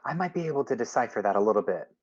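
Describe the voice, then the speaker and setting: A woman's voice: a bass voice, lively intonation, rapid-fire, darkish tone, breathy edge, highs cut off, full character voice. Stella, an eager stammering scholar, put on by a man. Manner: stammering, eager thinking aloud. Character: quick-witted woman scholar, excitable.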